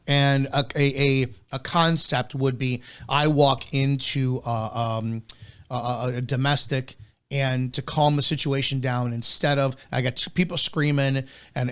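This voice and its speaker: A man hosts a live commentary show and lectures officers in a blunt, insistent way. His voice sits at a middle pitch for a man. He hammers key words by repeating them and trips over frequent false starts. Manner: blunt, emphatic, repeats key points, swears; stumbles and restarts often. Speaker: host of a live policing analysis show.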